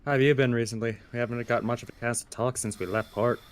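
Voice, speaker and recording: A man voicing a very short, polite male adventurer who speaks gently and stammers. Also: mid-range voice, steady tone, fast talker, natural voice. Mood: friendly.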